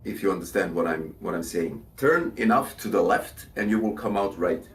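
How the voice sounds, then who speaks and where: A man joining a casual voice chat, speaking slowly and hesitantly with many pauses. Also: deep voice, expressive. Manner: slow and hesitant, full of "uh". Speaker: chat participant. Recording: distant voice from the mic.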